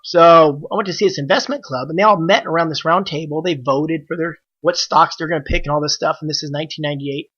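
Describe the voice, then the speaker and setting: A man, a podcast guest and trader, telling the story of how he started out in a casual, animated way and acting out the dialogue he quotes. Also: fairly high pitch, fast, hardly any pauses, slightly rough, highs cut off.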